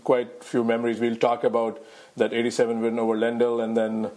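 A man from India hosts a podcast interview, asking his questions eagerly but haltingly, full of "uh" and "you know". His pitch sits in the middle and barely moves, so he sounds flat. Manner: eager, halting, many fillers. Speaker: podcast host.

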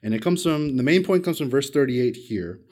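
A man preaching a sermon, telling a personal story with big swings in pitch and loudness, self-deprecating and asking the congregation questions. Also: lively intonation, fairly quick. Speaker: pastor.

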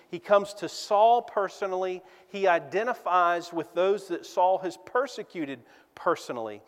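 A man preaching a sermon as pastor, slow and deliberate, leaning on emphatic repetition. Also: a little high, big-room sound.

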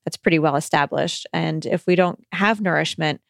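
Lower-voiced woman podcast host. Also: moderate pace, vocal fry, dry recording, studio quality. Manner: reassuring, conversational, with hesitant restarts. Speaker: podcast host answering listener letters. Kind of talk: podcast advice talk.

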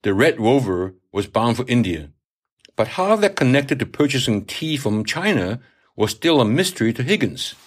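A man's voice: medium pitch, sing-song, moderate pace. Man reading his own novel aloud. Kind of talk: audiobook reading.

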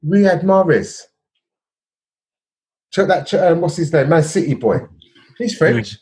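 A man's voice: on the high side, sing-song, unhurried, a little mellow. A man, co-hosting a casual podcast and telling a football story, checking in with "yeah?" and "bro". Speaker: podcast co-host. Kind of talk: casual chat.

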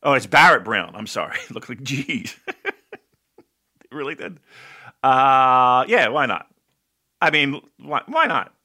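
A man chatting loosely on a podcast, with a bright, forward voice. His pitch jumps around a lot as he jokes. He swears casually and breaks into laughter often. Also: big pitch swings, slow pace, long pauses. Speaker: podcast host. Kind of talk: casual chat.

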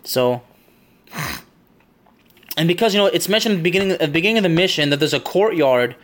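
Speaking quickly with lively intonation and a slightly bright tone, a podcast host whose voice sits a bit high recounts a game level from memory. He chats casually, laughs often, and repeatedly wanders down side paths before returning.

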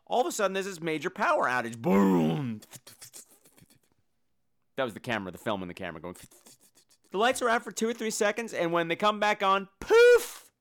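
A man's voice: high-pitched, pushed and bright. A man hosting a casual, comedic movie review show, full of campy, sarcastic asides. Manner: breaks into sung and squealed impressions.

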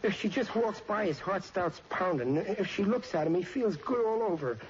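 A high-pitched male actor with lively intonation speaks at normal speed as a bashful, shy, clumsy teenage boy in love, stammering awkwardly. It's a 1940s radio sitcom, captured in a dull, hissy old recording.

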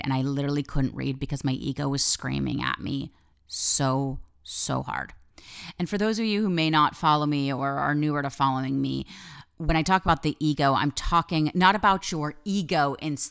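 A young woman hosting her own podcast in a loose, candid, animated way. She swears often and jumps into voices for her thoughts. Her voice sits low and sounds smooth and clear. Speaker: podcast host. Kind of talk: casual solo podcast talk.

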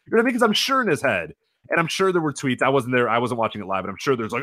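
A man's voice: mid-range voice, big pitch swings, racing, pushed and bright, no echo, studio quality. A man co-hosting a wrestling podcast, ranting casually and profanely, slipping into mocking quoted voices. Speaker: podcast co-host. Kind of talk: casual wrestling review chat.

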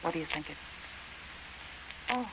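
An actress playing a frightened young woman camping at night, speaking in a hushed, uneasy, tentative way in 1940s radio acting style. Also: deep voice, lively intonation, normal speed, creaky. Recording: dull, noisy old radio recording.

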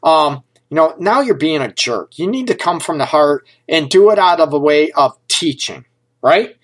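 A man's voice: on the high side, lively intonation, normal speed. A man talking frankly and casually to his listeners as a relationship advice host, joking at times and often checking in with "okay?". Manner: conversational, keeps checking in with "okay?" and "you know".

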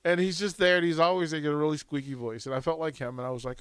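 A man's voice: fairly high pitch, fairly even intonation, fast, clean tone, dry recording. A middle-aged man hosting on radio, telling stories casually in a rambling way and laughing often. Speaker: radio host. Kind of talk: casual on-air chat. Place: radio studio. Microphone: studio microphone.

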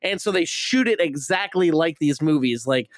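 A man talks casually about a film, rambling and cursing, with lots of stutters and restarts. His voice sits a little high for a man. The sound is close and dry, with no room echo. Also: animated, normal speed. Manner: rambling, profane, stumbling restarts. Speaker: podcast co-host reviewing a movie. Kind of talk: casual chat.

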